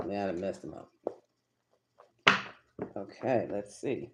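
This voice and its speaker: A man's voice: sits low, lively intonation, slow, long pauses, very noisy. Chatty man giving a tarot reading. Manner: chatty, emphatic, talks to viewers as y'all. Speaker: tarot reader.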